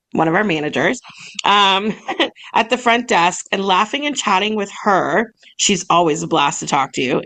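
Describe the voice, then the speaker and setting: A woman's voice: fairly low pitch, a bit bright. A young woman co-hosting a podcast in casual chat, bubbly and laughing often as she reads emails aloud. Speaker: podcast co-host, massage business owner.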